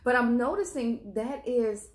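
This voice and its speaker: Woman co-host, lively storyteller who acts out quotes, roomy echo. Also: a little high, a little slow. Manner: animated storytelling, acts out quotes, laughs often. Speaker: relationship coach, co-host. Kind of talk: casual conversation with her husband.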